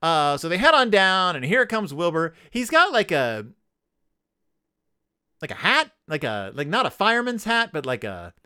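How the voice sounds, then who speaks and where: A man's voice: sits high, very animated, normal speed, pushed and bright, smooth, dry recording, studio quality. A man hosting a comedy podcast, sarcastically recapping a children's book and riffing on it. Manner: sarcastic, riffing, acts out characters. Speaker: podcast host.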